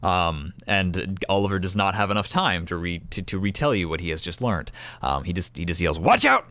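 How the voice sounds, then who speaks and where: Man game master, very low voice, dry close sound, relaxed rambling narration. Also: fairly quick, no echo. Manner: casual, filler-heavy narration with sudden loud acted shouts.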